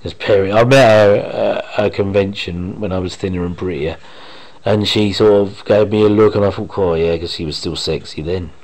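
A man's voice: lowish voice, moderate pace, a little mellow, poor audio. A man giving casual watch-along commentary on an old TV episode at home, rambling and enthusiastic, often trailing off mid-sentence. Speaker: fan commentator reacting to a TV episode. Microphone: home microphone.

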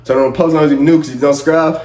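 A man's voice: a little high, steady tone, racing, a little mellow, roomy sound. A man hosting a music reaction video, hyped and laughing, talking in slangy bursts as he reacts. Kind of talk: excited music reaction commentary.

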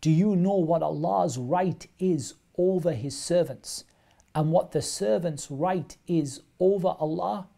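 An Islamic studies teacher gives a live online religious lesson, explaining texts step by step and repeating phrases for emphasis. His voice is on the high side, a little slow, creaky and mellow.

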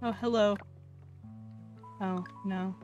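A woman streamer chatting casually while she plays a game, easily excited, cooing at characters and now and then swearing. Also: mid-range voice, slow pace, muffled recording. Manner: excitable, gasps and coos, swears lightly. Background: faint game music.

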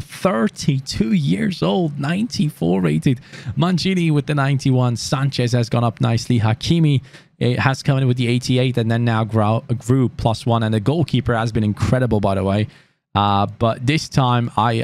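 A gaming YouTuber, a man commentating his own football game, casual and chatty, yelling when his team scores. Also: mid-range voice. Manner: excitable, yelling at goals. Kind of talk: live gameplay commentary.

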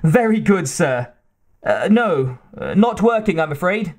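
A man voicing a frantic, excitable male servant in an audiobook, with a shrill, breathless delivery. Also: a little slow, heavily acted. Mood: frantic cheering.

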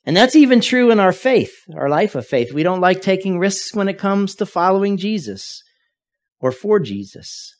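Higher-voiced man preaching a sermon. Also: sing-song, normal speed. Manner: storytelling, varies loudness for emphasis. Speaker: pastor.

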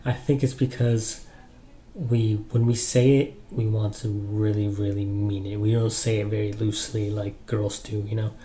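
A young man giving casual relationship advice in a relaxed, rambling way, with lots of ums and you-knows. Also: on the low side, normal speed. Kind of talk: casual advice talk to camera.

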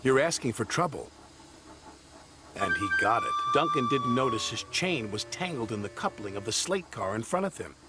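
A man narrating a children's storybook in a scripted, expressive manner. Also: medium pitch, a little fast, few pauses. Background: loud background music.

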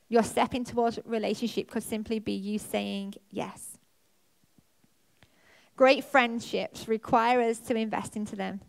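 Woman pastor, church sermon, fairly high voice, animated storytelling. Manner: animated storytelling, pitch jumping up when reliving moments. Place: church auditorium.

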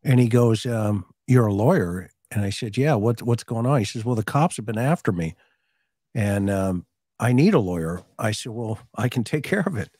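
A middle-aged man with a low, warm, relaxed voice co-hosts a true-crime chat. He tells a story with lively energy and acts out the dialogue himself. The sound is dry and close. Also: moderate pace, breathy edge, dry recording. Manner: animated storyteller, acts out both sides of dialogue. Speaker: co-host, former police officer and hostage negotiator.

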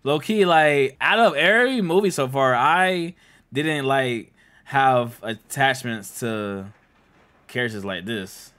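A young man hosting a casual movie reaction, excitable and slangy, laughing and swearing as he talks to viewers. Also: medium pitch, slow pace, slight background noise. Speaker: reaction host.

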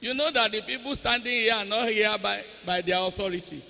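A Nigerian man preaches at a church convention, voice high and piercingly bright. He gives blunt commands to the crowd. His words ring back off the long reverb of a large hall. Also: fairly quick, creaky. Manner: commanding, calls to the congregation. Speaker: pastor. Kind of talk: church service exhortation.

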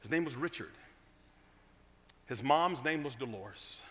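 A man from Cleveland preaching a storytelling sermon, with humor and dramatic swings from loud to hushed. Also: medium pitch, lively intonation, unhurried. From Cleveland, USA. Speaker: guest preacher. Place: church sanctuary. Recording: long reverb of a church sanctuary.

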